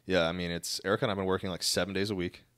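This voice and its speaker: A man's voice: deep voice, level tone, very fast, a bit bright, clear, resonant tone, no echo. A man co-hosting a podcast in casual chat, teasing and dry-humored, speaking into a podcast mic. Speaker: podcast co-host. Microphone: podcast microphone.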